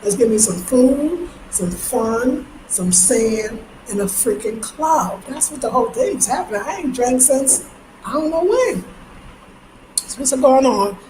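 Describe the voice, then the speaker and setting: A lively woman from New York talks straight to her viewers in a loose, slangy vlog chat. Her voice sits a little high, and she keeps jumping into squealing impressions of other people. The sound rings in an echoey room with a faint hum of ambience behind her. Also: unhurried. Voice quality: animated, slangy, jumps into high mimicking voices. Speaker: vlogger.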